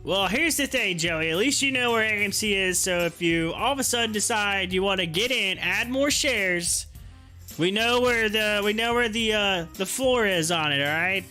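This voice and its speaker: A man's voice: high voice, moderate pace, pushed and bright, faint music behind. A man hosting a stock market live stream, chatting casually, rambling, teasing his viewers and laughing often. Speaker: stock market livestream host.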